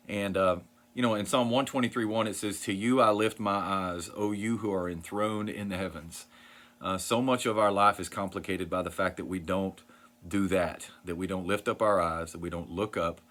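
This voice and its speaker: A man's voice: lowish voice, a bit bright. A man, earnestly talking to camera about a faith book he loved, with plenty of fillers and restarts. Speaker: Christian vlogger sharing book recommendations. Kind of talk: casual talk to camera.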